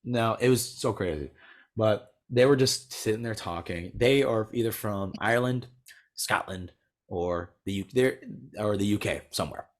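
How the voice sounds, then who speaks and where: A young American man chatting casually, telling a rambling story full of "like" and quick laughs. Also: fairly low pitch. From United States. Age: young adult. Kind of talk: casual chat.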